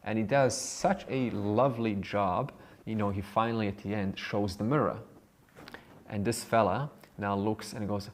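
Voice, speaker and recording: A man's voice: lowish voice, steady tone, normal speed. A man who teaches spirituality, telling a story at a seminar in a rambling way with many fillers and chuckles. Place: seminar room.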